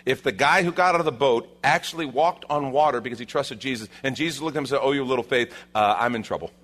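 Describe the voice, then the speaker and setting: A man preaching a sermon, acting out the disciples' lines with lively shifts and dropping to a hushed tone at reflective moments. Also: medium pitch, quick pace. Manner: animated, acts out the disciples' lines. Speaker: pastor.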